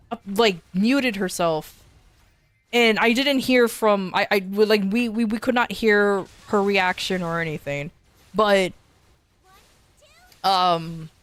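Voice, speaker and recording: A woman streamer casually telling a story to her viewers, animated, often restarting and repeating words. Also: medium pitch, dry recording. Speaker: VTuber streamer.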